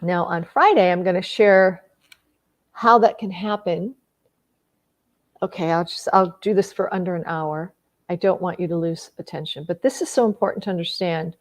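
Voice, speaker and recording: A woman's voice: fairly low pitch, moderate pace. Woman, middle-aged, relationship coach, casual monologue, acts out quoted lines, frequent restarts. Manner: acts out quoted dialogue with lively shifts in voice; repeats words and restarts often.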